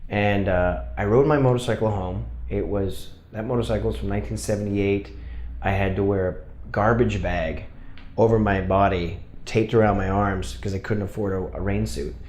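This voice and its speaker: A man's voice: on the low side, fairly even intonation, moderate pace, a little mellow, a little hiss or hum. A man, an actor, telling candid stories about his career, swearing and laughing at himself. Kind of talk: casual storytelling. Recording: roomy echo.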